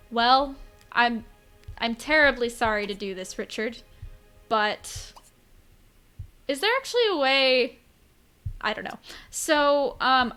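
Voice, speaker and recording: Young woman streamer, high bright voice, chatty and giggly, faint music under her. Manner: chatty, giggly, talks to chat. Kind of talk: live gameplay commentary.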